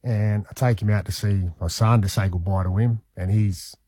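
A man, telling a long personal story on a radio show in an animated, conversational way. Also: fairly low pitch, normal speed, breathy edge, dry recording. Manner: animated, conversational, says "man" and "mate" often. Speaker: radio host.

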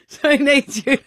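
Man, Australian accent, high voice, mock-offended, complaining, dry close studio. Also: pushed and bright, no echo. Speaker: radio co-host. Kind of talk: banter on breakfast radio.

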